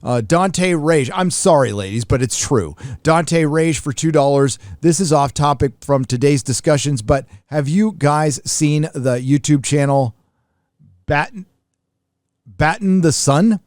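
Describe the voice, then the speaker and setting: A man's voice: a little high, animated, unhurried, darkish tone, dry recording, clean studio sound. A man hosting a live stream, reading out viewers' donation messages and giving short offhand replies in casual chat. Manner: reads superchats aloud then comments offhand.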